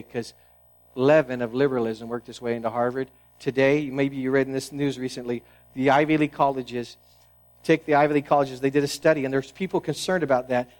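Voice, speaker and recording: Male pastor, fairly high voice, earnest sermon delivery, falls quiet for emphasis. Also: poor audio. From New England, United States. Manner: earnest preaching with restarts and sudden drops to a hushed tone.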